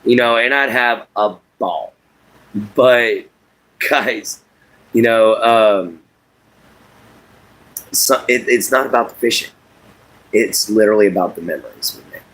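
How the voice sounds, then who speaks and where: A man's voice: fairly low pitch, unhurried, long pauses, a bit bright. A man hosting a casual livestream, rambling in a folksy way, laughing often as he reads and answers viewer chat.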